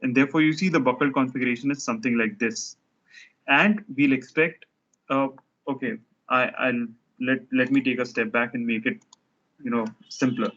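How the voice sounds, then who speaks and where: A man's voice: medium pitch, fairly even intonation, moderate pace, a bit bright, muffled recording. A man teaching a structures lecture, explaining step by step while he sketches diagrams, often restarting his sentences.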